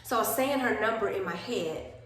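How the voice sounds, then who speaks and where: Young woman, chatty vlogger, animated storyteller; recorded on a phone in a very echoey room. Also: mid-range voice, brisk. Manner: animated, acts out quoted people. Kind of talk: chatty storytime while doing skincare.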